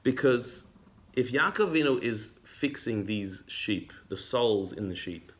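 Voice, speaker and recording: A man's voice: medium pitch, animated, measured pace. A man teaching a religious text class. He reads Hebrew passages aloud, explains them in English, and often repeats his words as he goes. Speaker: Torah teacher.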